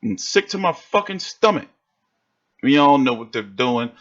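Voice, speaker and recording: A man's voice: medium pitch, measured pace, lo-fi sound. A man hosting a livestream, ranting in a casual, profane, fired-up way. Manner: animated, swearing, fired-up. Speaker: livestream host reacting to boxing.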